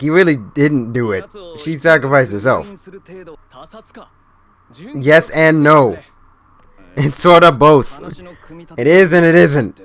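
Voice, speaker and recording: A man reacting to an anime episode in casual commentary, excitable and swearing, swinging between loud outbursts and low mumbling.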